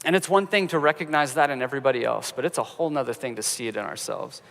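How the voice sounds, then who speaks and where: A man's voice: mid-range voice, fast, vocal fry, fairly bright tone. A man preaching a sermon as pastor, conversational and storytelling with touches of humor, in a church sanctuary. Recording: reverberant church hall.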